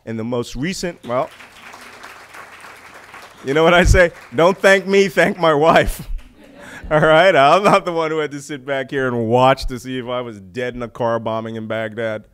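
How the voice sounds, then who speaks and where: A middle-aged man from the United States giving an animated public talk on intelligence, full of rhetorical questions and jokes. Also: medium pitch, normal speed, smooth, some chatter behind. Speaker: speaker on intelligence.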